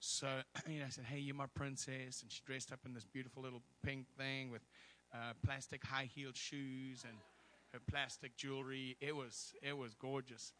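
Bright-voiced man telling church stories. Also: mid-range voice, level tone, normal speed, slight background noise. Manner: chatty storytelling with humor and asides. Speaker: guest preacher. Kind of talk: sermon with personal stories.

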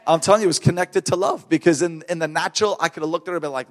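Fervent, animated preacher man. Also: on the high side, fast. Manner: fervent and animated, laughing between points. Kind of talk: sermon storytelling.

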